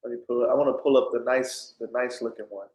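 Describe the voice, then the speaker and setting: A man preaching informally on scripture, often pausing to ask "right?" and restarting his sentences. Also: medium pitch, fairly even intonation, darkish tone. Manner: keeps asking "right?", stops and restarts often. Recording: echoey room.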